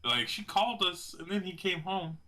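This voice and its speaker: A man's voice: high-pitched, lively intonation, moderate pace, sharp tone. A man co-hosting a podcast, teasing his partner with sarcastic banter in casual chat. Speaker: podcast co-host. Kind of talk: casual movie review chat.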